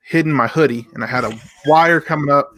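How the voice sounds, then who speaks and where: A man as a guest on a casual sports chat, calmly recalling old fan memories. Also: a little high, fast.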